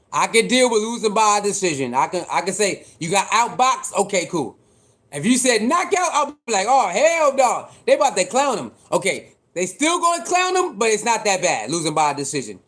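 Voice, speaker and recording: Male livestream host, higher voice, casual slangy rambling talk. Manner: chatty, repetitive, reacting to boxing news with slang.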